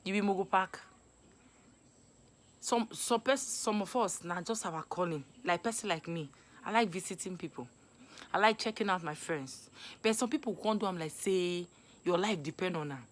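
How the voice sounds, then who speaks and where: Young Nigerian woman, casual vlog monologue, animated and scolding, lowish voice. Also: normal speed. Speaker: vlogger. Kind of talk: casual Pidgin advice monologue.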